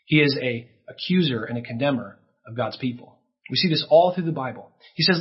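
A man's voice: medium pitch, animated, fairly quick, breathy edge, highs cut off. A man preaching a sermon in an earnest way, his voice rising for emphasis, with a few restarts. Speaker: pastor.

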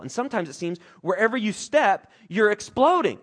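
Man, pastor, sermon, emotional and earnest, loud urgent peaks and quiet stretches, slightly high voice. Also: big pitch swings, normal speed. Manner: earnest, emotional, swings between loud urgency and soft reflection.

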